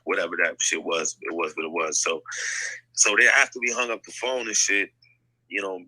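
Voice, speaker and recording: A man's voice: low-pitched, little pitch movement, normal speed, sharp tone, poor audio. A man telling a story in a casual online audio chat, blunt and profane, full of fillers, on a phone mic. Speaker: guest rapper telling a story. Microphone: phone mic in an online audio room.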